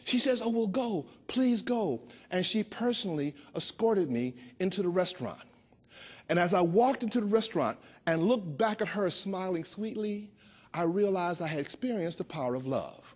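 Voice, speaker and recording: A man in his sixties from Chicago, telling a personal story with a playful, expressive delivery that slows down for emphasis. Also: high voice. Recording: dull lo-fi recording.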